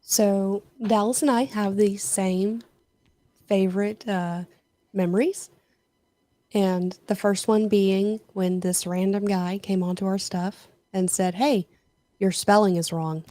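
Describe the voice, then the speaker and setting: A woman's voice: mid-range voice, little pitch movement, takes it slowly, warm tone. A woman guest recording a short message about her favorite memories, slightly hesitant.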